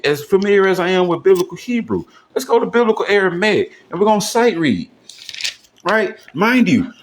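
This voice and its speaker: A man giving a casual, step-by-step grammar lesson, often checking in with his listeners. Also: sits high. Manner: talks things through loosely, often asks "you know what I'm saying?". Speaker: self-taught Hebrew grammar teacher.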